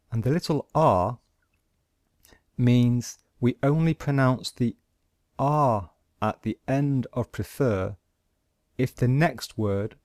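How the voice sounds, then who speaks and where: A man teaching pronunciation at a very slow, deliberate pace, with a low voice. He sets out each example word on its own, and the recording is dry and close with no room sound. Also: a little mellow, no room sound. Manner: slow and deliberate, pausing between example words. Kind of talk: slow instructional explanation.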